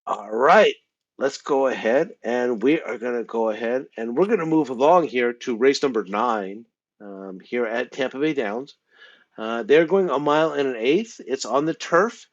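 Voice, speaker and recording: A man's voice: mid-range voice, lively intonation, normal speed, lo-fi sound. Rambling man hosting a racing show. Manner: rambling, repeats words and fills with um. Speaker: show host. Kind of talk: horse racing handicapping talk.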